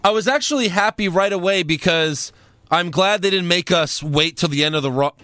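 A man's voice: sits high, brisk, bright, forceful tone. A man recapping last week's wrestling on a casual podcast, telling it like a story with wry asides. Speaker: podcast co-host.

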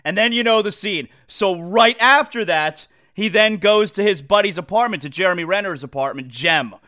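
A man hosting a sports talk show, rambling in an animated, casual monologue and often repeating himself. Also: sits high, moderate pace.

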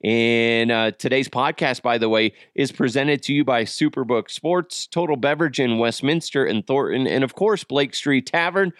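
A man hosting a podcast, telling a family story in a casual, animated way and swearing freely. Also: mid-range voice, normal speed, hardly any pauses, no echo, studio quality. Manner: animated, swears freely, acts out quoted voices. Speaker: podcast host.

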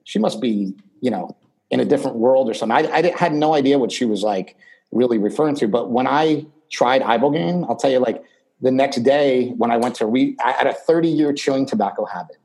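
Husky-voiced middle-aged man rambling. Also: mid-range voice, brisk, a little mellow, poor audio. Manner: rambling storyteller, many fillers and restarts. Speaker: podcast guest. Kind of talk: casual conversation.

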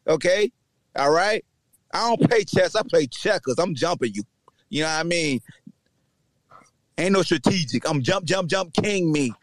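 A man hosting a sports podcast, delivering a loud, taunting trash-talk rant with shouting bursts. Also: high-pitched, dry recording. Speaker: podcast host.

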